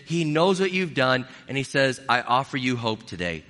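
A man preaching a sermon in a bright, forceful voice that sits a little high for a man. He is an earnest, middle-aged pastor who pleads with his listeners and repeats his key phrases. His words ring out with a long church-hall reverb. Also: normal speed.

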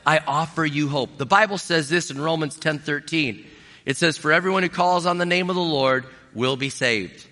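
Earnest pastor preaching in a reverberant hall. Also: male voice, fairly high pitch, normal speed, sharp tone. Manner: earnest, pleading, repeats key phrases. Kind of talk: sermon.

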